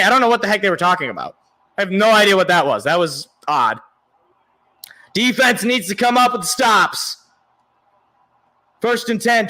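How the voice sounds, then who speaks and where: High-voiced guy doing fan play by play, bright tone, yells when his team scores, voice going raw. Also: low-quality recording. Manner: yells and cheers at big plays, sings along. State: voice getting worn from shouting. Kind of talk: excited live reaction commentary.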